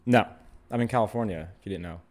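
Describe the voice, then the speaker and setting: A man's voice: on the low side, fast, a little mellow. A man hosting a comedy podcast, talkative and telling stories with plenty of laughter. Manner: talkative, laughs often, acts out quotes. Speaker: podcast host. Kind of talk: casual comedic banter and storytelling.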